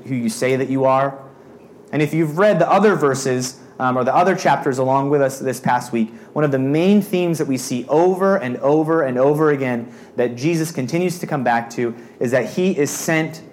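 A man's voice: mid-range voice, darkish tone, a little hiss or hum. A man reading a Bible passage aloud and explaining it in a loose, conversational way, like a youth pastor. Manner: reads scripture then explains it in a loose, conversational way. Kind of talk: casual Bible teaching.

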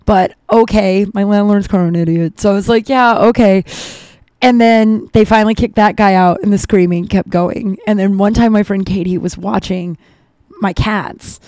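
A woman's voice: mid-range voice, steady tone, normal speed, a little mellow, no echo. A woman in her thirties hosting a podcast, telling a rambling story in casual chat with many asides. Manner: chatty, rambling, lots of "like" and asides. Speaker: podcast host.

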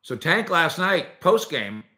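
A man hosting a sports opinion show, talking in an animated, sarcastic way and acting out quotes from players and coaches. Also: a little high, slow, gravelly.

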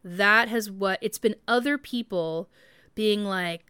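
A woman in her thirties hosts a casual podcast monologue, chatty and rambling with lots of "like" and "um." Her mid-range voice is slow, pushed, and bright, and the clean studio recording has no room sound.

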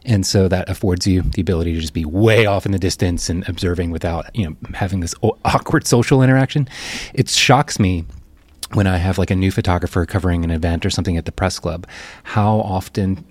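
Man, very deep voice, dry close sound, casual podcast chat, talks with fillers. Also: brisk, no room sound. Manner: chatty, thinks aloud with fillers. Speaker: podcast co-host.

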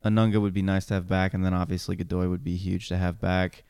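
Man, low pitch, smooth clear voice, dry sound, casual rambling chat. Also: level tone, quick pace, darkish tone, no echo. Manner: rambling, self-correcting, laughs often. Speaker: podcast co-host.

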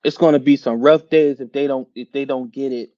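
A man's voice: medium pitch, fairly quick, dry recording, highs cut off. A man hosting a podcast, ranting casually about his team with slang, swearing and laughter. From Philadelphia area. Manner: animated, laughing, slangy and profane. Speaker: podcast host. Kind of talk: casual sports rant.

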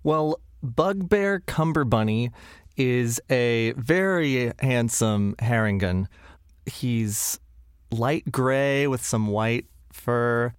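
A man's voice: mid-range voice, lively intonation, very slow, clean tone, dry recording, studio quality. A man playing a tabletop game, describing his character in a playful, casual way. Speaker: player.

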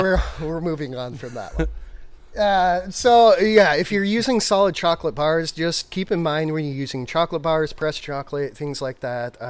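A man with a somewhat high-pitched voice chats casually on a brewing podcast. He talks in an animated, rambling way and often restarts his sentences as he goes. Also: clear, resonant tone. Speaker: podcast co-host, brewer. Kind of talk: casual chat.

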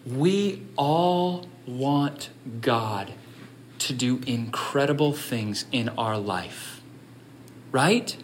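A pastor preaching a sermon, telling a story in a conversational way and building to emphatic appeals. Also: male voice, mid-range voice, expressive, very slow, slight background noise.

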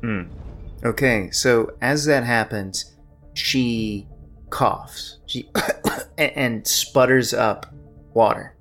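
A man narrating as game master of a tabletop game, describing scenes in a measured way. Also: medium pitch, fairly bright tone, soft background music.

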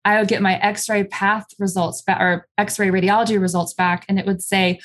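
Young adult woman, interview guest, candid and halting personal storytelling. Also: mid-range voice, little pitch movement. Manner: candid, halting, many fillers. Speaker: guest telling her story.

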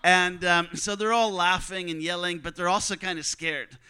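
A high, bright man's voice with a clean, smooth tone tells a personal testimony. He tells it like a lively storyteller and slips into the voices of the people he quotes. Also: moderate pace, poor audio. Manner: vivid storyteller who acts out quoted dialogue. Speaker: speaker telling a mission testimony.

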